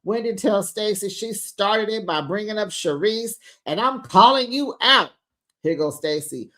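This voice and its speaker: Chatty recap host, casual commentary, acts out quotes, mid-pitched voice, calls listeners besties. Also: expressive, measured pace, bright, forceful tone. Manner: chatty, retells scenes acting out quotes; addresses listeners as besties and honey. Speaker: reality show recap host.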